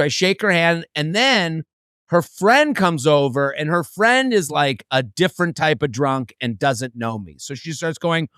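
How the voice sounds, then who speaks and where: High, lively man telling a story. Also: a little slow, no echo, studio quality. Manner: animated, acts out other people's voices. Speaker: podcast co-host and comedian. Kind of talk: casual storytelling chat.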